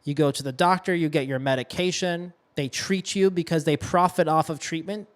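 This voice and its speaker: A man's voice: on the high side, fairly even intonation, moderate pace. A young adult man from Massachusetts, a podcast host and coach delivering an impassioned, preachy monologue with emphatic stress and blunt swearing. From Massachusetts, USA. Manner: preachy, emphatic, with profanity and self-corrections.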